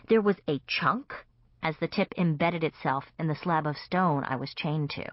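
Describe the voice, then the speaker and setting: A woman's voice: low voice, moderate pace, no echo. A woman narrating a comic vampire novel in first person, with a wry storytelling manner. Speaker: audiobook narrator. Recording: dull, dry audiobook recording.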